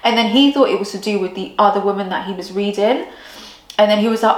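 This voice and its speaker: A woman co-hosting a casual podcast, rattling off a story with eager excitement and constant fillers. Her voice sits at a middle pitch and rings in a roomy, echoey space. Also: fast talker. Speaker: podcast co-host. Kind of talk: casual chat. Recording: roomy echo.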